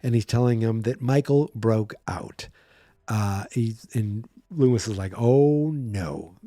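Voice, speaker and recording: Mellow-voiced man recapping a horror film. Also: on the low side, no room sound, clean studio sound. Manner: chatty, animated retelling with quick acted-out voices. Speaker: horror movie podcast host.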